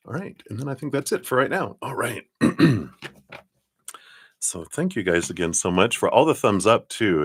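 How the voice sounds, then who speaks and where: A man giving tarot readings on a live stream, chatty and giggly, laughing often and talking warmly about spirit and love. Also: deep voice, no echo. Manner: warm, affirming, spiritual talk. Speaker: tarot card reader.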